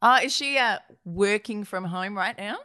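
A woman co-hosting a podcast over a video call, teasing her co-host with quick questions. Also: medium pitch, pushed and bright, smooth. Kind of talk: casual chat.

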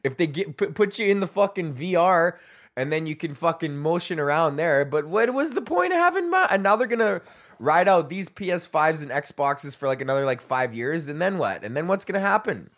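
A man's voice: a little high, lively intonation, fairly quick, a bit bright. A man, a comedian ranting alone on his podcast, swearing and rambling while he laughs at his own jokes. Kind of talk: ranting solo podcast monologue.

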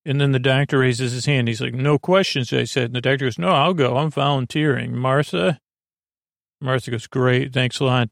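Guy with a gravelly voice rambling through a story recap, lots of uhs, super dry close sound. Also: medium pitch, no echo. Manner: loose, meandering, lots of uh fillers. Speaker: podcast host. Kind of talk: rambling episode retelling for sleep.

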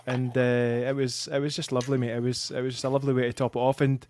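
A man's voice: mid-range voice, level tone, racing, a little mellow, a little hiss or hum. A Scottish man co-hosting a football podcast in casual, sweary chat, often repeating his words. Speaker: podcast co-host.

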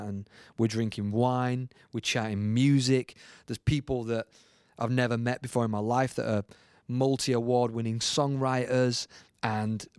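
A man in his thirties, a musician guest, telling lively casual anecdotes and laughing often. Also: mid-range voice, smooth, no echo, clean studio sound. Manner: animated storyteller, laughing often, colloquial.

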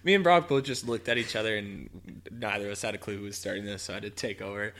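A man's voice: fairly low pitch, quick pace, a bit bright, faint music behind. A Canadian man co-hosting a casual sports podcast, joking and teasing. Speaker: podcast co-host. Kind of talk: casual chat.

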